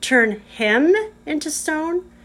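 A woman's voice: high voice, animated, takes it slowly, a bit bright, voice pushed up, heavily acted. A woman reading aloud, voicing a gloomy, homely male beaver with a rustic, earnest way of talking. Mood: confident.

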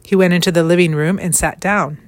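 A woman reading a children's novel aloud in a gentle, measured storytelling manner. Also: fairly low pitch, steady tone, dry recording. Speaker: storybook reader.

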